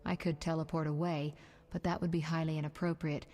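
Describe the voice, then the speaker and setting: A woman's voice: low voice, flat delivery, fairly quick, darkish tone. An actress voicing a poised female sorceress who talks in a dry, ironic way. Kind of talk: video game dialogue.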